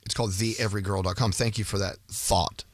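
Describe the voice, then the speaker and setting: A man's voice: fairly low pitch, steady tone, fast talker, no room sound. A man hosting a morning radio show, bantering playfully with his co-hosts in the studio. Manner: playful, teasing, laughs often.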